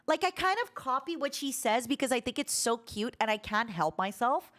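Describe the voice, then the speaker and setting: Woman, streamer, fairly high voice, rambling casual chat, many restarts, blunt tone. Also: moderate pace. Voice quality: animated, self-described harsh to-the-point tone. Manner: rambling with many restarts and fillers, sudden loud squeaky imitations.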